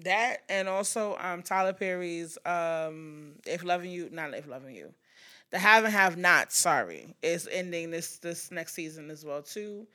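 A woman hosting a podcast with a bright, forceful tone. She talks bluntly and swears freely, acting out quotes in an animated way and firing off fast asides. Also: on the low side. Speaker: podcast host. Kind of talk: casual pop-culture chat.

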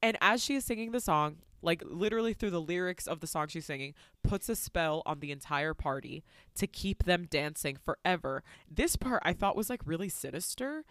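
A woman co-hosting a casual podcast, recapping a movie in a profane, animated, theatrical way. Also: fairly low pitch, moderate pace, no echo. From Latin American heritage. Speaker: podcast co-host.

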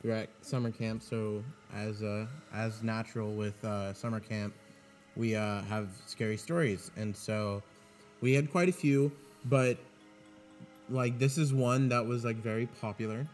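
A man telling a spooky story on a podcast, in a halting way with many pauses. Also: on the low side, fairly even intonation, soft background music. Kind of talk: casual storytelling.

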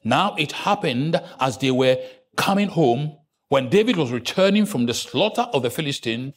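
Animated man preaching. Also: moderate pace, hardly any pauses. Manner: animated preaching, jumping from hushed asides to loud high outbursts. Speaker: pastor. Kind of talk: sermon.

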